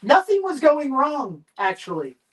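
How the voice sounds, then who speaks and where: A man guesting on a live chat show, telling long, animated and profane anecdotes about film work. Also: extremely high pitch, measured pace, recorded from a distance, poor audio. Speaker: guest, makeup effects artist and director.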